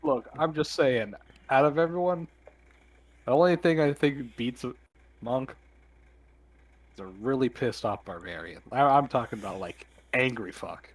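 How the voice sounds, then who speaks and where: Husky male game master, rambling casual narration for a tabletop game. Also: medium pitch, a little slow, dry recording, low-quality recording.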